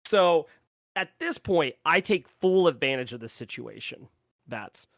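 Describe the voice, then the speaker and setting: A man's voice: a little high, expressive, unhurried, creaky, fairly bright tone, no room sound. A young man co-hosting a podcast, telling a story in casual chat and laughing as he acts out the people in it. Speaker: podcast co-host.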